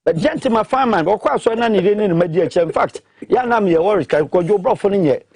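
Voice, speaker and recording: A man with a Ghanaian accent, speaking emphatically in an animated discussion that mixes English and Twi, pressing his points with repeated questions. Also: high-pitched, quick pace, breathy edge, dry recording.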